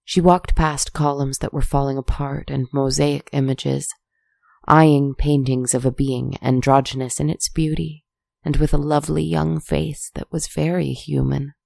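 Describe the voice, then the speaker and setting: Calm creaky storybook narrator. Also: mid-range voice, no room sound. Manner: calm, measured, softly spoken.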